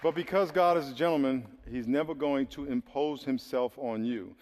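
A male preacher delivers a sermon with lively, playful energy, acting out quick exchanges between characters. His voice sits at an average pitch. The sound carries a long reverb, as if he is in a big church hall. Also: a faint crowd. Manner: lively, jokey preaching with acted-out dialogue.

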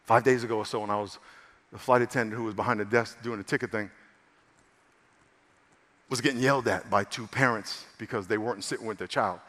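A male pastor preaching a sermon, emphatic and repetitive, swinging between loud stress and hushed passages. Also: medium pitch, in a large hall. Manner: repeats phrases for stress.

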